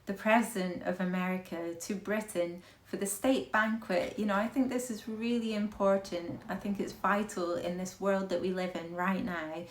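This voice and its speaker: A woman's voice: medium pitch, steady tone, moderate pace, few pauses, reverberant, slight background noise. A woman hosting a casual reaction video, gushing and chatty, laughing often as she talks through pictures. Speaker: royal news reaction host.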